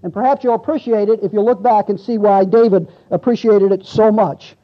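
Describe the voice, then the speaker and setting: Male pastor, high-pitched, casual teaching sermon with scripture reading; muffled lo-fi church recording. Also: brisk. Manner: conversational, asks the congregation questions, reads scripture aloud. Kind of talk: expository sermon.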